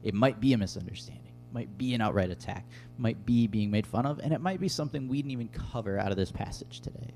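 A man's voice: medium pitch, fast talker, a little mellow, soft background music. A man preaching a sermon as a youth pastor, earnest and conversational, with filler words. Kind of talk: sermon with personal story.

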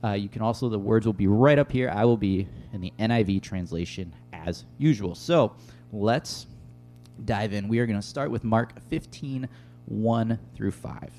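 Low, mellow-voiced male pastor. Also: moderate pace, faint music behind. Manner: conversational, casual, with many fillers. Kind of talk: sermon. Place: room with tables and an audience.

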